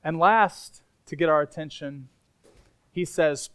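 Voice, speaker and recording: A male pastor preaching to his congregation in a relaxed, emphatic, conversational way. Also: a little high, slow, clean tone. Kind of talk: sermon. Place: church sanctuary.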